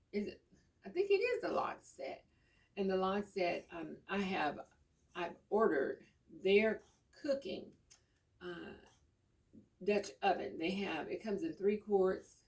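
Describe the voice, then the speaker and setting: A woman's voice: medium pitch, a little slow. A middle-aged woman chatting casually and telling rambling, homey stories. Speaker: vlogger. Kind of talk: casual chat. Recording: voice a bit far from the mic.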